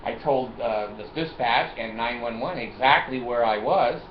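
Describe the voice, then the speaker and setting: A man's voice: mid-range voice, normal speed, a little hiss or hum. A man telling a personal story in a vlog, acting out the dialogue, laughing and swearing as he goes. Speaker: vlogger. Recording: echoey, dull lo-fi room recording.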